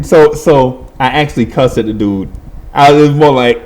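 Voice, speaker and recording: A middle-aged man telling a comic story in lively, colloquial speech, laughing and acting out the people in it. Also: medium pitch, normal speed. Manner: animated, laughing, acts out voices, colloquial. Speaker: podcast host.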